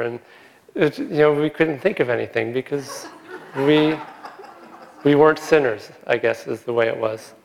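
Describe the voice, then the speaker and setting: Man, gravelly voice, gentle chuckling spiritual speaker, long hall reverb. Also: medium pitch. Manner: gentle, chuckles often while telling stories. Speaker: spiritual talk giver. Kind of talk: informal spiritual talk with anecdotes.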